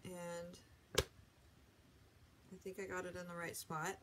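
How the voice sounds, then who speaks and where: A woman's voice: fairly low pitch, flat delivery, slow, noisy background. A woman hosting a home video, chatting casually and correcting herself as she unboxes a gadget. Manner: chatty, rambling, self-correcting. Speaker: vlog host.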